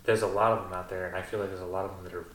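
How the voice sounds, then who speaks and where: A young man speaks quietly and a little uncertainly as a podcast guest. His voice sits fairly low. The room echoes, with clear background noise. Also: level tone, very fast. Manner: quiet, unsure, soft-spoken. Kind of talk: casual podcast chat.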